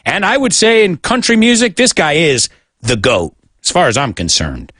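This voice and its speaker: A man's voice: fairly high pitch, big pitch swings, normal speed, a bit bright, breathy edge, dry recording, studio quality. An American man hosting a radio show that teaches English, chatting in a jokey way and switching between English and Spanish. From United States.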